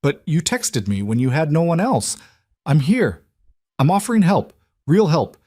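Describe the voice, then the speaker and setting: A man voicing a cold, controlled mafia boss who speaks in low, clipped commands. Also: very animated, unhurried, a little mellow, no room sound. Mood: protective, firm.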